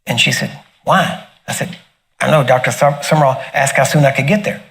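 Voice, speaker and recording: Man telling a lively personal testimony. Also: mid-range voice, a little fast, creaky. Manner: animated storyteller, laughs often, acts out quoted voices. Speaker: minister sharing a testimony. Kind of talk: casual storytelling testimony.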